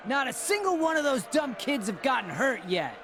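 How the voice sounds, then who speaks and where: A man voicing a greedy, whiny pig-man showman in a cartoon clip, yelling shrilly. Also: extremely high pitch, very animated, normal speed, full character voice. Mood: angry. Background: noise.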